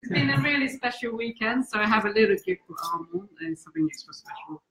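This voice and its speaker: A woman presenting a gift to the host, speaking in a soft, friendly way. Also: fairly high pitch, expressive, fast talker, low-quality recording.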